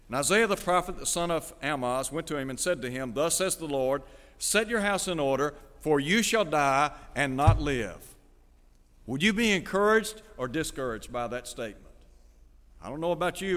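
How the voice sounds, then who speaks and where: A man's voice: on the high side, fairly bright tone, in a large hall. A man preaching a radio sermon, reading scripture aloud and asking his listeners direct questions in an earnest manner.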